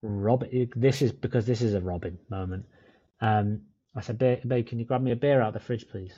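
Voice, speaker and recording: A laid-back man chats on a podcast with his co-host, swearing now and then and calling him mate. His voice is mellow and dark. The sound is dry and a little dull. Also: on the low side, steady tone, a little fast, no room sound. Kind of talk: casual chat. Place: in Dublin, remote call.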